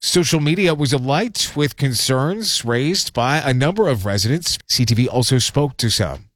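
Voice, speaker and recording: A man hosting radio news, reading in a steady, measured way. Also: medium pitch, no room sound, studio quality. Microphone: studio mic.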